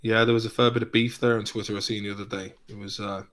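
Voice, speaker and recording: A man's voice: on the low side, level tone, fast talker, a bit bright. Guy rambling in a laid back chat, swears a lot, lots of ums and trailing off. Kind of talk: casual chat.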